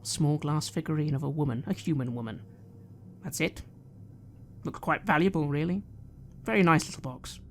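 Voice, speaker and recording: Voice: mid-range voice, slight background noise. A game master narrating scenes and asking players what they do. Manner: descriptive, measured narration.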